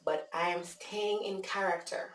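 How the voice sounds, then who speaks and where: Low-voiced Jamaican woman telling a story. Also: measured pace, a little hiss or hum. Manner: animated, talks with frequent fillers. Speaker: vlogger. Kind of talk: casual storytelling. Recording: echoey room, distant mic.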